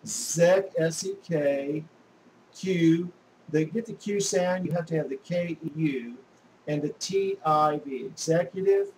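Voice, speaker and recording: A shorthand teacher gives a demonstration lesson, speaking slowly and patiently, frequently spelling words letter by letter, with many pauses and restarts. His voice is fairly high with a darkish tone, on poor audio with slight background noise.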